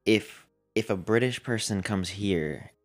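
Deep-voiced young Southern man chatting. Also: unhurried, faint music behind. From American South. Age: young adult. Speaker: podcast co-host. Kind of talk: casual chat.

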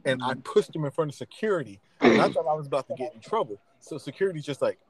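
A man's voice: on the high side, fast, breathy edge, rough recording. A man hosting a podcast, telling stories in casual chat and laughing often. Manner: animated storyteller, laughs often. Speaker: podcast host.

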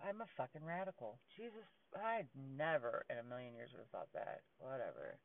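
A man's voice: medium pitch, big pitch swings, measured pace, creaky. Man, blunt profane monologue, distant from the mic, phone-like sound. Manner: profane, defiant.

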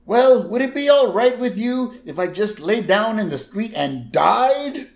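A man's voice: high voice, animated, measured pace, gravelly, roomy sound, voice pushed up, heavily acted. A man voicing a gloomy old grandfather with a whiny, self-pitying voice.

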